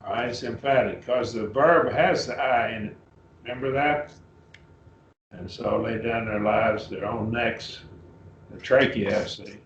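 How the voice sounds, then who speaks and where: A man leads a Bible class, working through Greek words in a relaxed, halting way and calling on his students one by one. His voice is recorded in a reverberant room, and the sound is muffled and lo-fi. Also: mid-range voice, a little hiss or hum. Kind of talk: Bible class lesson, Greek word study. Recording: roomy, dull lo-fi class recording.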